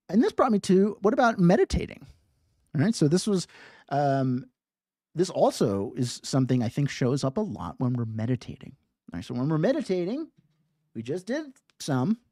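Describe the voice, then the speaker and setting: A meditation teacher addresses a live class in a relaxed, conversational way, playfully asking "right?" over and over with lively ups and downs in pitch. The recording is dry and of studio quality.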